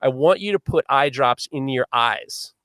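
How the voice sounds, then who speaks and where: Animated, cursing storyteller man. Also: medium pitch, a little slow, dry recording, clean studio sound. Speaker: podcast host. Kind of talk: storytelling on a live podcast.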